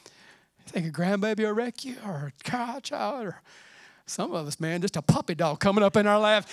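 A man's voice: high-pitched, very animated, normal speed, no room sound. Fervent middle-aged male pastor preaching. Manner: fervent, conversational preaching, often saying "man"; drops to hushed, near-whispered passages. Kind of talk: sermon.

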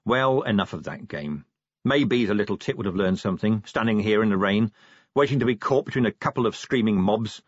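A man narrating a comic fantasy novel in a wry, lively storytelling manner. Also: fairly low pitch, a little fast, no room sound, dull audio. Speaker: audiobook narrator.

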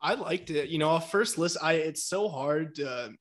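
A man co-hosting a podcast, talking in a relaxed, hesitant way with many fillers as he steers the conversation. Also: a little high, normal speed. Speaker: podcast co-host. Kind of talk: casual chat.

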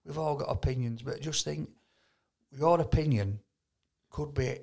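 Yorkshire man, gravelly, mid pitch, chatty podcast co-host who stumbles over his words. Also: measured pace, darkish tone. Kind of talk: casual chat.

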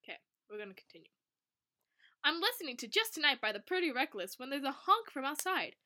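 A young woman co-hosting a podcast, reading a fan fiction aloud with lots of laughter and over-the-top excitement. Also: high-pitched, fast talker. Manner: animated, laughs often, reads story lines with exaggerated excitement. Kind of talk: casual chat and dramatic reading.

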